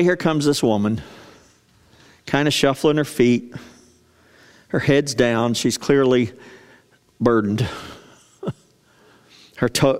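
A male pastor preaching a sermon in a chatty, storytelling way, often asking the congregation questions. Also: mid-range voice. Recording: long reverb of a large hall.

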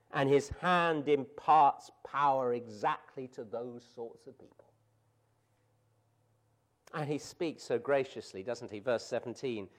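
A man preaches a sermon at an unhurried pace, weighing each phrase. His voice sits high for a man. He sinks to near-whispers on solemn words and swells on emphatic declarations. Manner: slow, deliberate preaching with dramatic drops to a hush and emphatic rises.

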